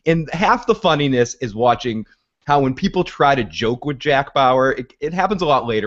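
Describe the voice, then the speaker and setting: A man hosting a casual TV recap podcast, talking in an animated way, often laughing and mimicking characters. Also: mid-range voice, highs cut off. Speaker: podcast host.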